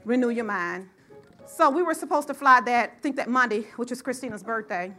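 A middle-aged woman preaching a sermon and telling a personal story, in a lively call-and-response style that rises to shouts. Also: a little high, a little fast, faint music behind.

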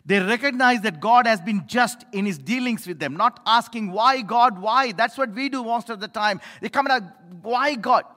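A middle-aged male pastor preaching a sermon, emphatic, swinging between loud appeals and low asides, in a church. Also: lively intonation, moderate pace, few pauses. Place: church sanctuary. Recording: echoey hall reverb.

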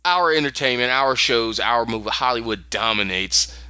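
An American man talks over a podcast with a very bright, sharp tone and a pitch that swings up and down a lot. He laughs often and trips over restarts as his thoughts race ahead. The sound is dry and a little dull, lo-fi. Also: normal speed, smooth, no echo. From Philadelphia, USA. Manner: animated, laughs often, restarts and stammers while thinking. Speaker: podcast co-host. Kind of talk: casual chat.

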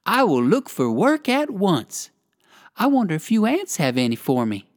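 Uncle Wiggily, a polite old gentleman rabbit, as a reader puts him on. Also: mid-range voice, huge pitch swings, moderate pace, no echo, studio quality, pitched above the performer's own voice. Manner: polite, earnest. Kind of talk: storybook character voice.

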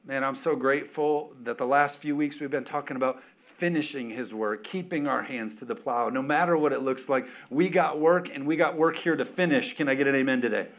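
A man preaching a sermon as pastor, emphatic and animated, calling out to the congregation with casual, joking asides. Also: medium pitch, brisk, few pauses.

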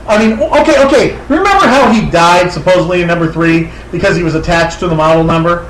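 High-voiced profane excitable man. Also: quick pace, roomy sound, slight background noise, rough recording. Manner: profane, excitable, loud outbursts. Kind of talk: casual movie-talk banter.

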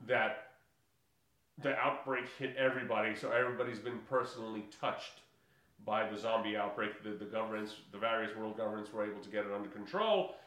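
With a fairly low but bright voice, this podcast co-host briskly runs through a movie in rambling chat. He laughs often and piles on fillers and restarts. He's far from the mic, and the room echoes heavily.

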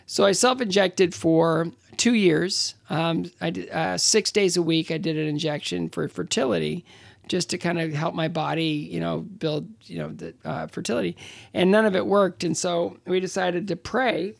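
A man in his sixties, an interview guest telling stories casually, halting with many fillers and restarts. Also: sits high, fairly even intonation, creaky, no echo, studio quality. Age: 60s. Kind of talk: casual conversational storytelling.

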